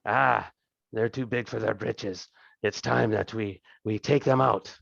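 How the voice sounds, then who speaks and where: A man's voice: fairly low pitch, unhurried, vocal fry, fairly bright tone, no room sound, lo-fi sound, exaggerated voice. A man doing a drawling, greedy thieves' king. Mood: scheming. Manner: oily, drawling, with chuckles and "eh?". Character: huge, greedy, scheming male thieves' king.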